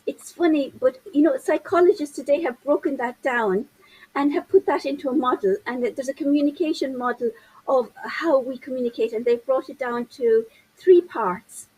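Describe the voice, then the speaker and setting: A husky, high-pitched woman with a breathy edge speaks as a guest in an interview. She explains parenting ideas in an animated way, gesturing with her hands as she goes. She sounds like she is in her fifties. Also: moderate pace, rough recording. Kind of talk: interview conversation.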